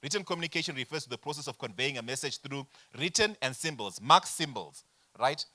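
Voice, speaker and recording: Man, forties, workshop facilitator, animated lecturing, bright tense voice. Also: medium pitch, fairly quick. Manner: animated, addresses audience directly with rhetorical questions. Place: workshop room.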